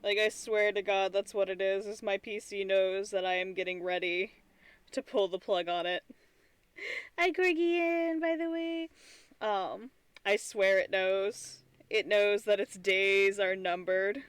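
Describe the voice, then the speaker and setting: A woman's voice: mid-range voice, little pitch movement, a little slow, clear, resonant tone, no echo. A tired woman streamer chatting casually and rambling, with frequent restarts and giggly asides. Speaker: streamer and artist. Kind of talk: casual live-stream chat.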